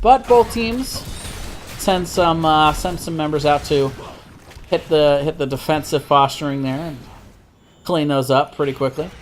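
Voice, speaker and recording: Guy casting an esports game live, kinda high voice, steady play by play, restarts his sentences a lot. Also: a little hiss or hum. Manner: steady play-by-play with frequent self-corrections. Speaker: esports caster.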